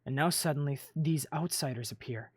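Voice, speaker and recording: A man voicing Oscar, a calm, bookish loner, speaking in a measured, guarded way in a game roleplay. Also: fairly high pitch, husky, dry recording, studio quality. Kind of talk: voiced Minecraft roleplay dialogue.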